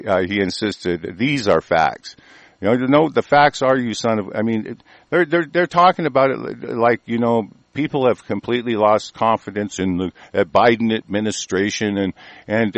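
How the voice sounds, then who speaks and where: A man's voice: mid-range voice, no room sound. A man ranting on air, angry and profane, rambling with many restarts. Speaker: host reading and ranting on air.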